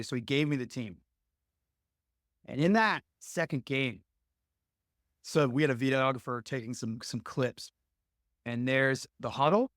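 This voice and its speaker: This podcast guest, a young man working as a lacrosse coach, shares coaching stories, earnest and meandering, with many filler words. He has a mid-range, fairly bright voice, and the recording is dry and studio quality.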